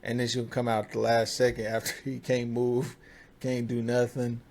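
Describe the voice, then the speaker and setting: A man's voice: mid-range voice, monotone, normal speed, a little mellow, slight background noise. A man co-hosting an anime podcast, talking in a laid-back, rambling way. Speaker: podcast co-host. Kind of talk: casual chat.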